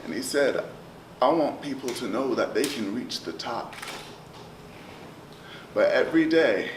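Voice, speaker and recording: A man performing spoken word poetry, rhythmic and chanting, with swings from loud to hushed. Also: medium pitch, expressive, measured pace. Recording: roomy, distant live recording with noise.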